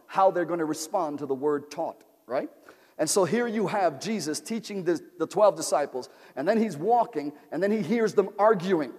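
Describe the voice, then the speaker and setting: A male pastor preaching a sermon in a church, with call-and-response repetition that builds to shouting. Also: fairly high pitch, in a large hall.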